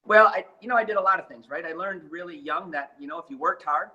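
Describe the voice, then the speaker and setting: A man's voice: high voice, fast talker, muffled recording. A man telling his life story in an interview, emphatic and dramatic, getting fired up as he speaks. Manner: gets fired up and animated. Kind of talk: motivational storytelling.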